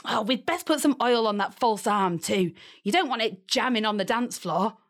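An actress voicing a cheeky, bossy non-human sidekick in a fantasy audio drama. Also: female voice, fairly high pitch, moderate pace, fairly bright tone. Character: cheeky non-human female fairy helper.

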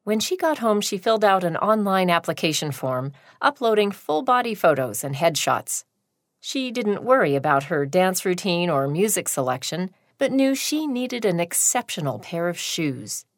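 A woman narrating a short story in a slow, deliberate reading. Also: lowish voice, big pitch swings, dry recording, studio quality.

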